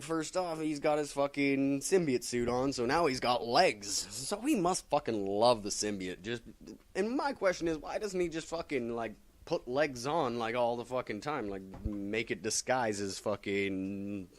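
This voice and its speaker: A man reviewing comic books in a casual, rambling vlog rant, swearing constantly and leaning on fillers. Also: medium pitch.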